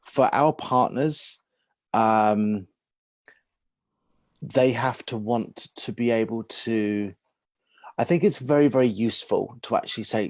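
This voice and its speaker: A man's voice: medium pitch, measured pace, a little mellow, no echo. A man, a guest agent in a casual interview, speaking hesitantly with many restarts.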